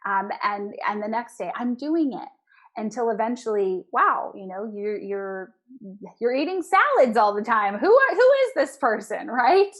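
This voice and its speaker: A woman dietitian talks as a guest in a relaxed interview, her voice a touch high. She gets animated and quick when excited, with bursts of enthusiasm. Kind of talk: casual interview chat.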